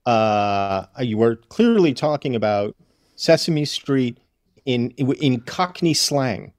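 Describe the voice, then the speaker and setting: Man, comedian guest, wry, deadpan, lively intonation, dry sound. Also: medium pitch, slow pace, dry recording. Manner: wry, deadpan, thinks aloud. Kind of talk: casual game banter.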